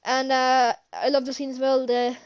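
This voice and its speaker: A woman's voice: sits high, monotone, normal speed, smooth. A woman casually recapping a movie for her vlog, rambling with many fillers and restarts and chuckling now and then. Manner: chuckles often while recounting scenes. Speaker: channel host, film reviewer.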